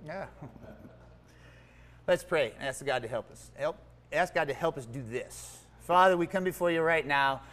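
In a mid-range voice at a measured pace with long pauses, a preacher talks through his sermon conversationally. Explaining word meanings and questioning listeners, he alternates between quiet asides and animated, emphatic exclamations.

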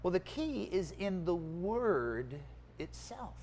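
Speaking slowly in a mid-range voice, a preacher delivers a conversational sermon, explaining what words mean and putting questions to the listeners. He is animated, swinging between quiet asides and emphatic exclamations.

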